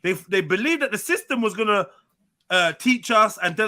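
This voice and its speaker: Brash panel host from England, high bright voice, animated. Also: male voice, normal speed, no room sound. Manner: animated, blunt, swears freely. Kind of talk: heated livestream panel debate.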